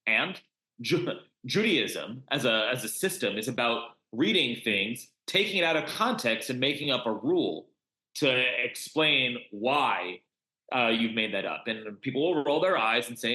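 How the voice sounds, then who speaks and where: Passionate man with a bright, echoey sound. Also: expressive, normal speed. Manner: passionate, talks with frequent restarts and pitch swings. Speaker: guest, congregation organiser. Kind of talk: conversational podcast interview. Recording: roomy echo.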